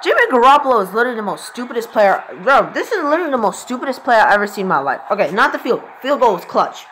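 Rapid-fire and sing-song, an extremely high, pushed, bright male voice reacts live to a football match, profane and exasperated and saying "bro" constantly. There's slight background noise.

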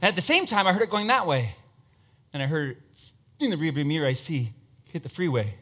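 A man's voice: on the high side, brisk. A man giving a humorous motivational talk on stage, joking with the audience and bringing up a volunteer. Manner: animated, joking, playful asides to the audience. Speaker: motivational speaker and magician. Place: stage before a live audience.

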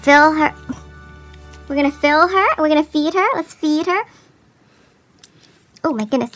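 Woman host, toy unboxing, very high squeaky voice, gushing sing-song chatter with music behind. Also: unhurried, a bit bright. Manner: gushing, gasping, sing-song baby talk to toys. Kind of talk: excited toy unboxing chat. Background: background music.

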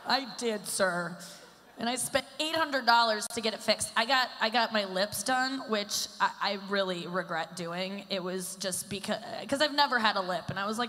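A woman's voice: mid-range voice, animated, normal speed, pushed and bright. A woman in her thirties doing a self-deprecating stand-up routine on a large stage, talking in a chatty way with lots of fillers. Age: 30s. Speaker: stand-up comedian. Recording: live hall with long reverb.

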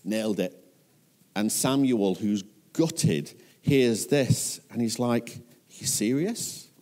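A man with an English accent preaching a sermon, telling the scripture story in lively voices. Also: mid-range voice. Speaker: pastor.

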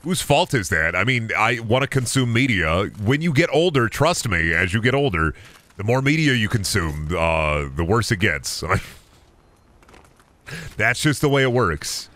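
A man's voice: fairly low pitch, big pitch swings, measured pace, fairly bright tone. A man streaming a game, ranting cynically and with plenty of swearing in a casual chat. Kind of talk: casual chat while gaming.

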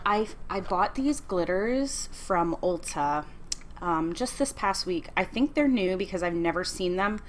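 A woman's voice: lowish voice, slight background noise. A woman in her thirties chatting casually while doing her makeup, rambling with fillers, with a slight lisp. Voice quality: slight lisp from a sore tongue. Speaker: beauty vlogger. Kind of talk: casual get-ready-with-me chat.

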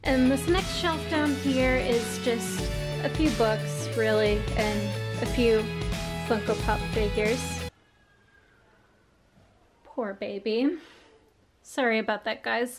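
A woman's voice: on the high side, steady tone, takes it slowly, music in the background. A young adult woman vlogging casually, rambling and often correcting herself as she talks. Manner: rambling, self-correcting, chatty. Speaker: YouTube vlogger. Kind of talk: casual vlog bloopers.

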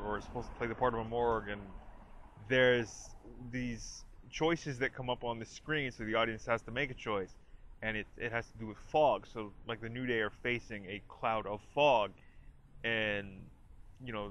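Chatty bright-voiced man reviewing a trailer. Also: medium pitch, highs cut off, slight background noise. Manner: chatty, lots of "like" and restarts; animated retelling with quoted lines. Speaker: host of a review channel.

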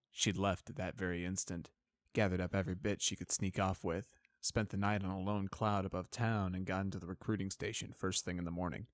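A man narrates a story in an even, measured way. His voice is low. The recording is close and dry, with no room sound. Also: no room sound. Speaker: audiobook reader. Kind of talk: fan fiction narration.

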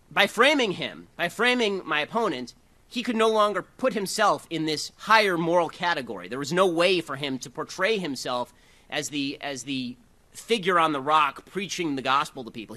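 A man's voice: on the high side, pushed and bright. A man giving a combative, mocking speech to a live audience. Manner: combative and rapid-fire, mocking. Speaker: political speaker.

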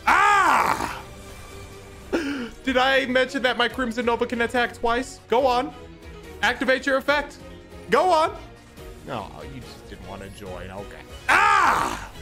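A man streaming a game, excitable and trash-talking with loud outbursts. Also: very high voice, takes it slowly. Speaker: gaming streamer. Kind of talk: gameplay commentary. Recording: loud game music behind.

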